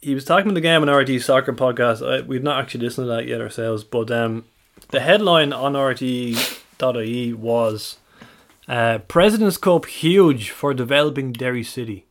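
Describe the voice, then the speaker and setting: A man on a casual sports podcast with a mid-pitched, everyday voice. His humour is dry and wry, and he steers the chat along. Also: normal speed. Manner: dry, wry, reads out comments. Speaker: podcast co-host.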